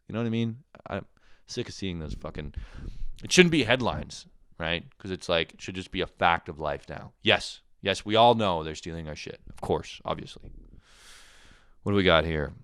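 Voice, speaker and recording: A man's voice: sits low, moderate pace, fairly bright tone, clean tone, dry recording, clean studio sound. A young man ranting casually and sarcastically as a comedy host, rambling and swearing often.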